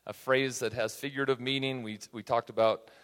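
A man's voice: medium pitch, fairly even intonation, brisk, fairly bright tone. A man teaching a Bible study class in a conversational way, often checking in with his listeners. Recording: reverberant hall.

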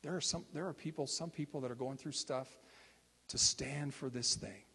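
A minister sharing testimony stories in a relaxed, conversational way, acting out the people he quotes. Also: medium pitch, moderate pace, breathy edge, big-room sound. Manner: conversational, acts out quoted speakers. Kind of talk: sermon testimony storytelling.

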